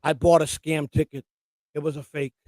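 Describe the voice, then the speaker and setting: This man's voice is on the high side yet darkish in tone, with little pitch movement and a normal pace, recorded with no room sound. On his home live stream, he co-hosts and tells rambling, profane anecdotes, often restarting mid-sentence.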